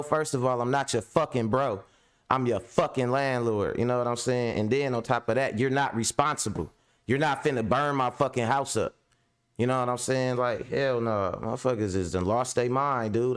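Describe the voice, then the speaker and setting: A young man ranting on his podcast, swearing at almost every turn and using loose slang. His anger builds into a raised, fast rant. His pitch sits in the middle range. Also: clear, resonant tone. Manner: heavy profanity, slangy, ranting. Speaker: podcast host and landlord. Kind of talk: angry venting monologue.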